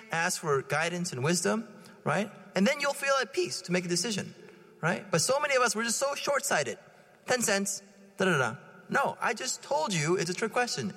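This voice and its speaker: A man in his thirties delivers an informal homily at Mass as a priest. His voice sits high and swings widely in pitch as he tells stories with animation and keeps checking in with the congregation. The sound carries the long reverb of a church. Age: 30s. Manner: animated storytelling, checking in with "right?".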